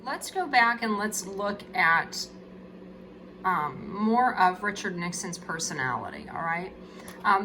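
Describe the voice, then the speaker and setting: A woman's voice: mid-range voice, noisy background. A woman teacher giving a casual video lesson with her own drawings. She is chatty and jokey and keeps checking in with "okay?".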